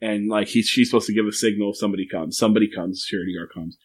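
A man's voice: lowish voice, rapid-fire. A man casually recapping a film on a podcast with a co-host, swearing often, laughing, and acting out lines from scenes. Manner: animated, profane, laughing, acts out lines from scenes. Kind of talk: casual profane chat.

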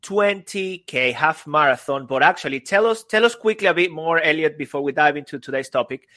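A man's voice: a little high, animated, a little fast, sharp tone. A man co-hosting a podcast in playful, joking casual chat. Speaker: podcast co-host.

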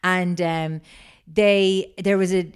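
Smooth low-voiced woman telling a story. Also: steady tone, slow pace. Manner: rambling storyteller, many fillers. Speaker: podcast co-host telling the story. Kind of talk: casual chat.

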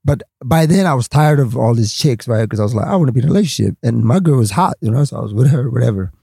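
Guy rattling off a crazy story fast, dark husky voice, swears a lot, jumps way up in pitch doing other people. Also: no room sound. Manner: animated, acts out others with big pitch jumps, swears freely. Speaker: guest comedian. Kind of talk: casual storytelling.

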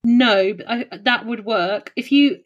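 A woman co-hosting a podcast in casual chat, animated and swearing freely as she spins playful theories. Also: fairly high pitch, measured pace, highs cut off. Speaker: podcast co-host.

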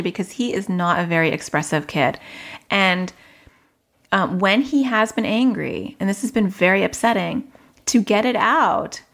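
Candid woman telling a parenting story. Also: medium pitch. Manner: frank, reflective, quotes herself in dialogue. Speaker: parenting podcaster.

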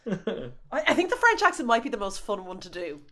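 A woman's voice: medium pitch, big pitch swings, brisk, a bit bright, a little hiss or hum. A woman co-hosting a podcast and running a quiz in a teasing, giggly way. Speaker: podcast co-host. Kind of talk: casual chat, quiz host.

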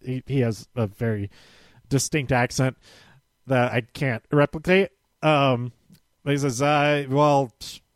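A man recaps casually in a slightly higher-than-usual voice, circling back and fixing his own words with a chuckle here and there. The sound is dry and close. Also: no echo. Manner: rambling, self-correcting, chuckling. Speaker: show recap host.

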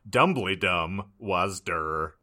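A man's voice: low voice, animated, very slow, pushed and bright. A man hosting a comedy podcast, narrating a dramatic reading in a wry, mock-earnest manner.

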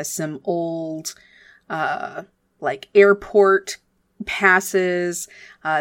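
A woman narrating as game master of a tabletop game, relaxed, with filler words. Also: fairly low pitch, no room sound, studio quality. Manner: relaxed, with fillers, speeds up in asides.

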